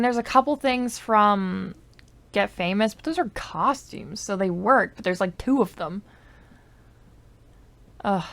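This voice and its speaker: A woman YouTuber giving casual, rambling commentary on her game, full of likes and I don't knows, sometimes dropping to soft muttered asides into a desk microphone. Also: mid-range voice, gravelly. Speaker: gaming YouTuber.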